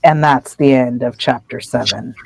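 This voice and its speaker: A woman co-hosting a podcast, casually recapping a story in an animated way and slipping into voices. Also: extremely low pitch, moderate pace, gravelly, slightly rough, no echo, poor audio. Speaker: podcast co-host.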